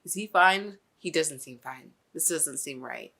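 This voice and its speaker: A woman's voice: low-pitched, lively intonation, measured pace, bright, forceful tone, breathy edge. A woman hosting a reaction video, talking emotionally in a casual way, often breaking off mid-sentence with nervous laughs. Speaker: reaction channel host.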